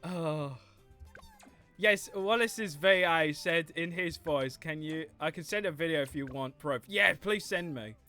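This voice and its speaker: A gaming streamer chatting casually to viewers in an animated way, laughing often, at a home desk mic. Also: mid-range voice, measured pace, faint music behind. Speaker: gaming livestreamer. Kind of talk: casual livestream commentary.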